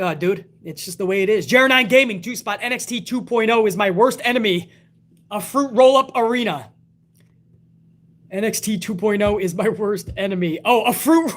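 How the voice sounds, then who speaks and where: A man hosting a live wrestling talk stream, reading chat messages aloud and ranting bluntly with lots of swearing. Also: high voice. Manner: blunt, profane, animated rants. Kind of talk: casual live-stream commentary.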